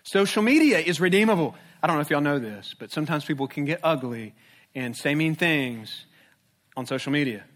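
A man's voice: fairly high pitch, expressive, brisk, fairly bright tone. A man preaching a sermon as a pastor, conversational and humorous, with rhetorical questions.

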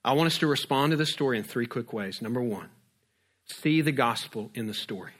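A male pastor preaching a sermon, retelling a story lively and acting out its scenes. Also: medium pitch, fairly quick, breathy edge.

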